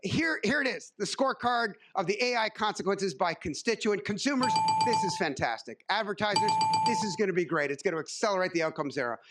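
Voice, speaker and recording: Male keynote speaker with a high voice, dry wit and plenty of filler words. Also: expressive, a little fast, few pauses, fairly bright tone, slight background noise. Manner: wry, joking asides with frequent uh fillers. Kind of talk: conference keynote talk. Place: conference stage.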